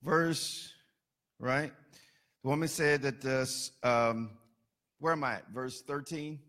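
A man's voice: mid-range voice, slow, a bit bright. A man preaching a sermon, building emphasis through repetition and dropping into casual asides. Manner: colloquial asides.

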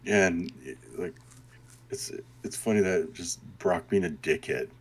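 Man, very deep husky voice, laid-back rambling podcast talk. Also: a little slow. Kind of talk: casual chat.

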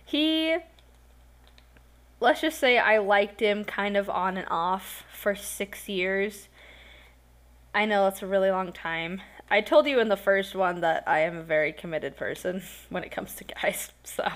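A woman's voice: medium pitch, unhurried. Young woman rambling on her podcast, tired, giggly, lots of ums and likes. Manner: rambling, giggly, self-conscious, lots of fillers. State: tired, yawning. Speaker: podcast host. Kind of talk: casual solo podcast storytelling.

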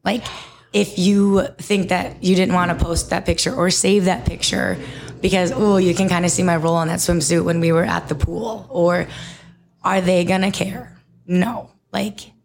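Low, gravelly-voiced chatty woman. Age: young adult. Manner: rambling, heavy use of "like" and "um". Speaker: guest, fitness instructor and studio owner. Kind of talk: casual conversation.

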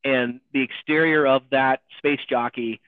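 A man co-hosting a casual chat about a TV show, firing off excited questions. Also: medium pitch, unhurried, clear, resonant tone, no echo. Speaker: podcast co-host. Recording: dry tinny phone-like line.

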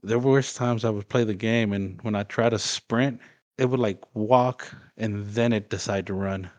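Blunt, low-voiced man griping casually. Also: steady tone, moderate pace, a little mellow. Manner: blunt, complaining gamer talk. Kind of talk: casual chat.

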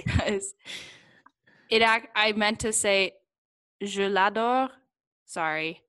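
A woman's voice: fairly high pitch, wildly swooping pitch, extremely slow, sharp tone. A young adult woman talking candidly in a casual interview, laughing often and rambling a little as she thinks aloud. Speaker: guest. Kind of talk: casual conversation.

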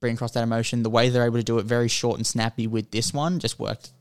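A man's voice: mid-range voice, little pitch movement, fast, smooth, dry recording, clean studio sound. A man co-hosting a podcast, telling a film's story in a casual, rambling way with lots of filler words. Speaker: podcast co-host. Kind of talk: casual film chat.

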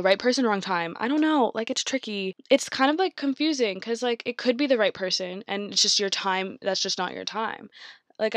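A woman's voice: medium pitch, dry recording, studio quality. A young woman talking casually to her viewers, rambling with many fillers and acting out inner thoughts. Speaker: vlogger.

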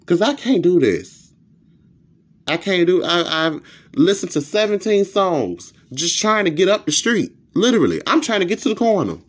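A man hosting a podcast, telling a comedic, profane rant in an animated storytelling style. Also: moderate pace, breathy edge. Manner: animated, profane storytelling with sudden pitch jumps. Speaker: podcast host.

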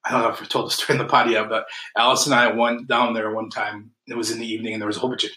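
A man's voice: medium pitch, level tone, racing, pushed and bright, reverberant, rough recording. A man co-hosting a casual local podcast, telling stories and laughing often. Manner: chatty storyteller, laughs often. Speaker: podcast co-host. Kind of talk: casual chat.

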